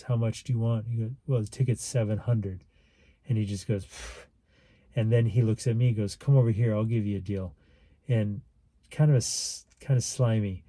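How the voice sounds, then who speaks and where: A man's voice: fairly low pitch, dark tone, no room sound. A man telling a personal story to camera in a casual, rambling, earnest way, acting out what others said. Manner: rambling, earnest, acts out quoted lines. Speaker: vlogger.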